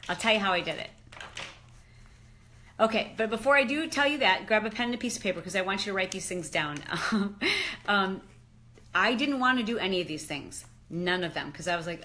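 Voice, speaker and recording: A middle-aged woman on a casual live chat, excited and exclamatory, slipping into slangy asides. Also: medium pitch, a little fast. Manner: animated and exclamatory, often says "dude". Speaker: fitness and lifestyle expert.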